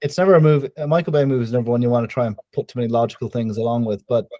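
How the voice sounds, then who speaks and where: A man co-hosting a podcast in casual chat, with deadpan ironic humor. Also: medium pitch, racing, no room sound. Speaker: podcast co-host.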